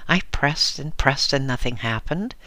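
A man voicing a fussy, indignant middle-aged woman customer with a tart, sharp tongue. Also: medium pitch, expressive, unhurried, dry recording.

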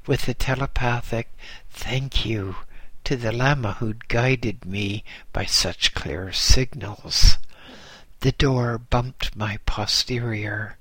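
A man reading a first-person story aloud in a measured, gently wry way. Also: medium pitch, dry recording. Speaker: narrator. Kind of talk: first-person audiobook narration.

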